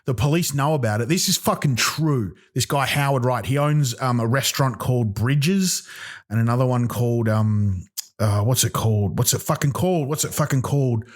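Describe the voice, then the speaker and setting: A man's voice: medium pitch, normal speed. Profane, rambling man. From Australia. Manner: profane, rambling, with many ums and restarts. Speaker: comedy podcast host. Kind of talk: solo comedic rant.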